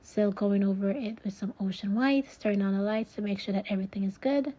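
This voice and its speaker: A woman's voice: medium pitch, brisk, dark tone. A young woman narrating her craft project in a chatty, self-deprecating way, sometimes dropping to a whisper. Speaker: crafting vlogger.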